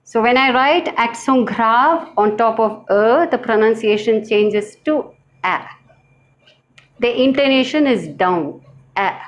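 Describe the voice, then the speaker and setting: Woman, language teacher, fairly high voice, very slow, careful, repeats words. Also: expressive, rough recording. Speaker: French teacher. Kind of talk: slow classroom lesson.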